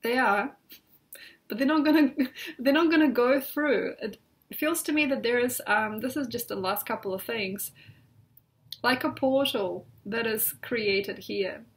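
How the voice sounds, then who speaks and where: A woman's voice: on the high side, measured pace. Rambling, reflective woman astrologer at home. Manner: rambling, reflective, full of "like" and "you know". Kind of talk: casual spoken astrology talk. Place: at home, sitting on a bed.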